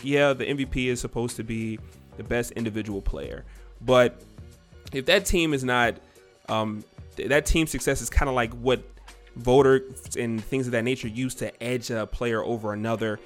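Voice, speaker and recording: A man's voice: mid-range voice, moderate pace, faint music behind. A man hosting a podcast, talking sports in a loose, rambling way with lots of fillers. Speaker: podcast host. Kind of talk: casual sports chat.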